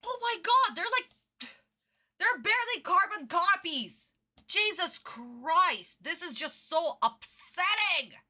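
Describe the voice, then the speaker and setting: Woman streamer going off about a cartoon, high bright voice, slow and swingy. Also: sing-song. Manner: exasperated ranting, swearing. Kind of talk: casual reaction commentary.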